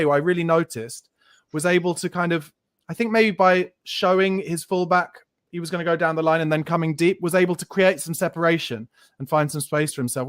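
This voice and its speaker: A male podcast host in casual football chat who breaks the match down in long, analytical stretches and drops the odd swear word. His voice sits a touch high and sounds dry and close to the mic. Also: dry recording.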